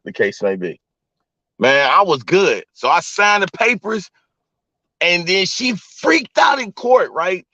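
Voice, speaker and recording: Filming himself on his phone from a vehicle, a vlogger and live-stream host tells stories to his live chat, talking straight to them in a loose, profane way. His voice is a little high with a fairly bright tone, and the phone audio is dull, lo-fi and dry.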